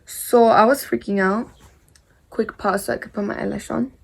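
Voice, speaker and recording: Young woman with a flat, gravelly drawl. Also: medium pitch, moderate pace, over music. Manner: rambling, repetitive, peppered with "like" and mild swearing. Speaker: vlogger. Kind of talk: casual story time while doing makeup.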